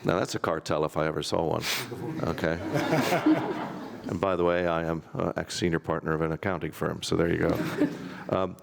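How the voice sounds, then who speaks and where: A man's voice: low voice, normal speed, vocal fry, very noisy. A man speaking on a conference panel, rambling and wry with dry self-deprecating jokes.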